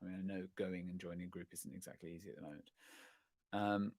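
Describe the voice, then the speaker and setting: A man's voice: low voice, level tone, fast talker, darkish tone, dry recording. A middle-aged man hosts a casual livestream chat, answering viewer questions in a rambling, self-correcting, self-deprecating way. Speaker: host of a live chat stream.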